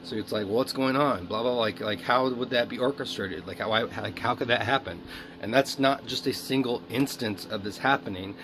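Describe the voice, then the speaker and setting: A man's voice: mid-range voice, moderate pace, background noise. A man speaking a rambling, emotional video diary monologue, swearing often. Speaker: video diarist.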